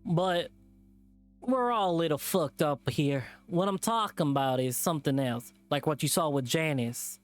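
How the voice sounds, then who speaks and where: A man's voice: on the high side, normal speed, soft background music, lightly acted. Man voicing a drawling hillbilly animal thug. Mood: menacing. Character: gruff male hillbilly animal thug, menacing. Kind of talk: reading a visual novel aloud.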